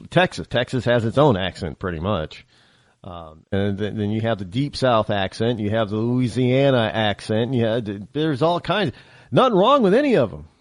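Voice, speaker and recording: A man's voice: lowish voice, a little mellow, dry recording. A talk-show host from upstate New York with a light local accent, holding forth on his own. His voice jumps up and down a lot as he rambles and restarts, recorded close and dry with no room sound. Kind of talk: opinionated solo monologue.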